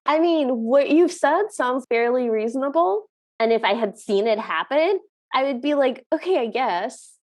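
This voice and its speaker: A woman co-hosting a podcast, recapping a movie in casual chat and acting out the characters' lines with animated energy. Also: sits high, moderate pace. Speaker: podcast co-host.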